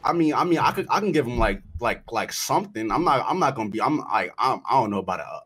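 A man's voice: medium pitch, very animated, quick pace, a bit bright, breathy edge. A man in casual roleplay banter, defensive and stammering, full of slang.

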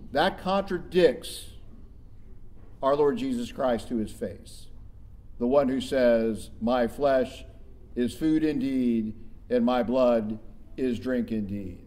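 A man's voice: mid-range voice, slow pace, dark tone. A middle-aged male pastor delivering a sermon in a church, emphatic and conversational, with rhetorical questions.

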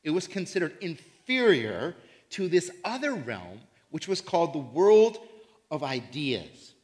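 Guy preaching in church, high voice swinging all over, animated, acts out voices. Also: unhurried. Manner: animated, acts out imagined voices, repeats for emphasis. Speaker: pastor. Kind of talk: sermon.

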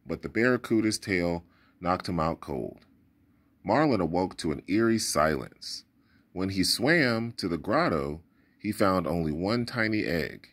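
A man reading a children's storybook aloud in a deep, low voice. His delivery is expressive and dramatic, with lively rises and falls in pitch. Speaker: storybook reader. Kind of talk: read-aloud storybook narration.

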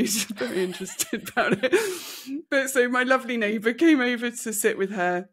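A woman with a British accent, a podcast co-host telling a candid personal story, animated and laughing through hard memories. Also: mid-range voice, a little fast, husky. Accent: British English.

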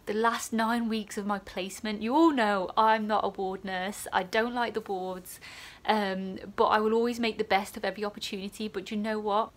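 Tearful young woman vlogging emotionally. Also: mid-range voice. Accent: English. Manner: tearful, gushing, drops to whispers. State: teary, emotional. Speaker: student nurse vlogger. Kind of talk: emotional personal vlog.

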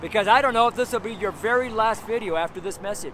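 Outdoors beside street traffic, a street preacher talks fast in a high-pitched, slightly bright voice. His personal testimony is earnest and rambling, leaning heavily on "you know" and phrases he keeps repeating.

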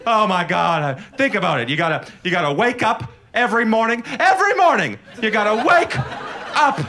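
A man doing a shrill, fussy cat owner. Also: animated, fairly quick. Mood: sarcastic. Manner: shrill, exaggerated and sarcastic. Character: whiny, fussy cat-owning person mocking dogs. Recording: live comedy club crowd noise.

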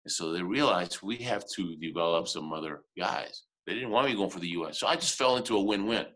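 Lower-voiced man telling a lively story. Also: brisk. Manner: lively, chuckles often, restarts sentences. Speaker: motivational speaker, interview guest. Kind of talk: animated storytelling in conversation.

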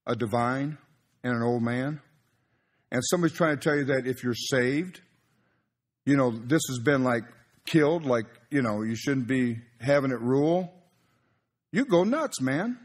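A man's voice: mid-range voice, expressive, unhurried, long pauses. A male pastor, preaching a sermon in a folksy, conversational way.

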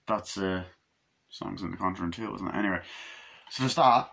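Rambling low-voiced man reviewing a film. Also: gravelly, bright, forceful tone. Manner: rambling, swears freely, acts out scenes in quick higher voices. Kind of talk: casual movie review.

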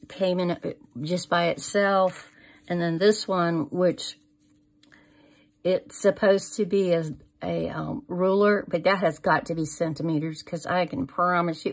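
A middle-aged woman chatting casually through a crafting haul, gushing over each item and trailing off into fillers. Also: lowish voice. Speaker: crafting vlogger. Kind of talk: casual product haul show-and-tell.

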